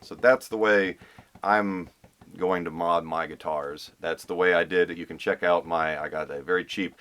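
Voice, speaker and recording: A man's voice: deep voice, fairly even intonation, normal speed, fairly bright tone, clear, resonant tone. A man explaining a guitar pickup swap in a casual, thinking-aloud way with restarts and fillers. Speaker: guitar restorer.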